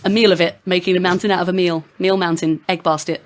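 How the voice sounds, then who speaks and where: A woman's voice: fairly low pitch, level tone, quick pace. A woman co-hosting a podcast, chatting casually and playfully, riffing on silly words. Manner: playful, giggly, word-play. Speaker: podcast co-host. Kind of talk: casual chat.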